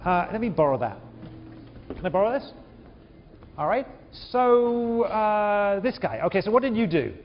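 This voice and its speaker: A man teaches a large university class, his voice high and swinging widely as he repeats himself and quizzes the room. The sound is dull and lo-fi, with a long echo from the lecture hall. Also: normal speed, pauses often, slight background noise. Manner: animated, repeats words, questions the class.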